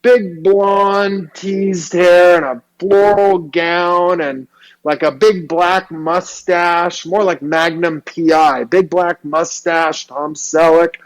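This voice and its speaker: Brief: man, guest storyteller, slangy and animated, slightly higher voice. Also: slow, rough recording. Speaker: hairstylist guest. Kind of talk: storytelling interview.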